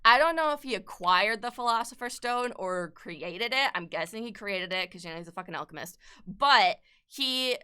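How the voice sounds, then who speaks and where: Young woman streamer, casual rambling chat while sketching, curses freely, bright and very clear voice. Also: medium pitch. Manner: rambling, swears a lot, laughs often. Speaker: art streamer.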